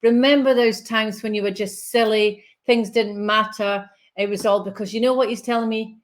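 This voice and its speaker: A woman's voice: fairly high pitch, fairly even intonation, moderate pace. Woman, spiritual medium, soothing live reading, reassuring check-ins.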